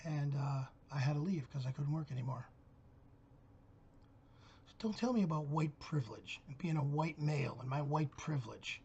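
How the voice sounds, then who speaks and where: A man's voice: on the high side, moderate pace, pauses often, a little mellow, muffled recording. A middle-aged man hosting his own channel, telling a story in a blunt, profane rant. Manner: blunt, gruff, cursing storyteller. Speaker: channel host.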